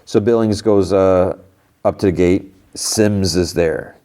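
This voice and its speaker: Podcast guy rambling thru a recap, deep mellow voice. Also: steady tone, slow pace. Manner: loose and rambling, lots of "like" and restarts. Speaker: podcast host. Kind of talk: casual episode recap.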